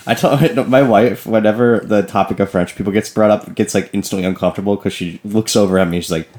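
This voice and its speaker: A man's voice: fairly low pitch, steady tone, darkish tone, slight background noise. A man, co-hosting a casual movie podcast in a wry, laid-back way. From United States. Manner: wry, laid-back, quick to laugh along. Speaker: podcast co-host.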